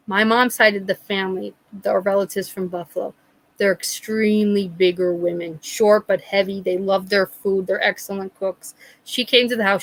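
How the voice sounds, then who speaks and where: A woman's voice: mid-range voice, no room sound, poor audio. A middle-aged woman hosting a live chat, telling a story casually and animatedly. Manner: animated, acts out quoted voices.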